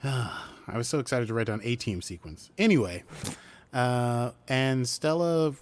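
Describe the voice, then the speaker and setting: A man co-hosting a casual podcast, walking through a TV episode at a mid-range pitch. He talks with animation and slips into the characters' voices when he quotes them. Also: unhurried. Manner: animated, acts out character lines while recapping. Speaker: podcast co-host. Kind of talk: casual recap chat.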